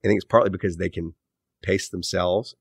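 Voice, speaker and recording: A man with a low, gravelly, husky voice talks fairly quickly with fairly even intonation, recorded dry with clean studio sound. He's an author and podcast host being interviewed casually, rambling thoughtfully and often correcting himself as he goes.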